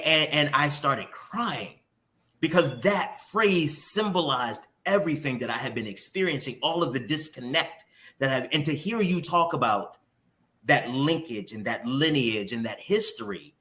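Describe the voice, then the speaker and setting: A man's voice: mid-range voice, pushed and bright. A man hosting a morning show interview who talks candidly and openly emotionally, with some casual swearing.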